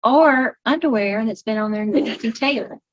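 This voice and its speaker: A woman's voice: a little high, unhurried, dull audio. Folksy woman guest. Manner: homey, expressive, folksy sayings. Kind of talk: casual chat, taste-testing.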